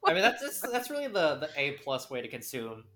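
A woman cohosting a casual podcast, playful and quick with reactions. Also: deep voice, very animated, a bit bright. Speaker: podcast co-host. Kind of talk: casual chat.

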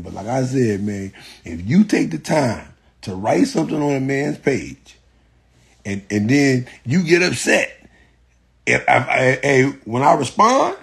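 A man's voice: mid-range voice, gravelly, fairly bright tone, husky. A man ranting bluntly and profanely to his viewers in casual talk, repeating "you know what I'm saying" and breaking into laughter often. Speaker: social media personality.

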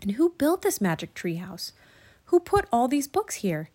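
A woman's voice: fairly high pitch, sing-song, normal speed, darkish tone, slightly rough. A woman voicing a cautious, thoughtful young boy in a storybook reading. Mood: wondering. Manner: earnest, wondering questions.

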